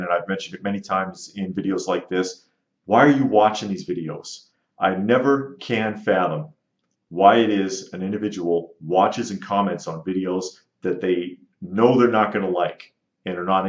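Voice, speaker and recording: A man hosting his own channel, bluntly and sarcastically answering rude viewer comments in casual commentary. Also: low-pitched. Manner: blunt, sarcastic, dismissive of critics. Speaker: channel host. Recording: roomy, slightly dull audio.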